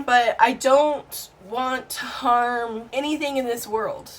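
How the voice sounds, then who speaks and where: A young woman talks straight to her camera in a loose, chatty vlog style, frank and quick to laugh. Her voice sits a little high, and she drops the odd swear word without fuss. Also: fairly even intonation. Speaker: vlogger. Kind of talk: casual chat to camera.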